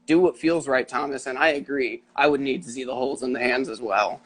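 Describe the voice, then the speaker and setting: A man's voice: mid-range voice, quick pace, fairly bright tone, slight background noise. A young man co-hosting a casual livestream chat, crude and joking, laughing often. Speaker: co-host.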